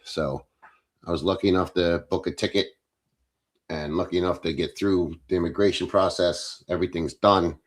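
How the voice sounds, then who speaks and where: A man's voice: low voice, fairly even intonation, moderate pace. Blunt, profane man streaming. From Philadelphia, USA. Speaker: livestream host. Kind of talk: casual livestream chat reading comments.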